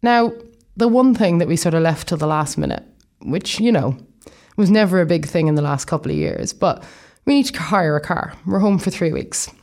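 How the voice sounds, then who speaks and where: A woman's voice: lowish voice, animated, moderate pace, a little mellow. A young Irish woman from Ireland, chatting casually in a vlog and rambling through plenty of asides as she explains things. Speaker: vlogger.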